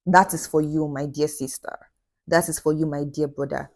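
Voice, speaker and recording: A woman's voice: low-pitched, fairly even intonation, normal speed, darkish tone. A woman giving heartfelt, encouraging advice in a vlog, repeating her phrases for emphasis. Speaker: vlogger.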